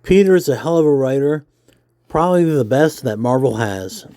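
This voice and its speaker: A man's voice: mid-range voice, moderate pace, no room sound, clean studio sound. Nerdy-sounding man reading aloud. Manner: self-described nerdy voice, relaxed with fillers. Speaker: comics vlogger. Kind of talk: casual reading aloud while drawing.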